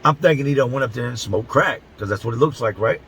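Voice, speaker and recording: A middle-aged man from Philadelphia who hosts a channel of prison stories tells one quickly to camera, cursing bluntly in street talk and lengthening words for emphasis. His voice is medium-pitched and fairly bright, and the rough recording has slight background noise.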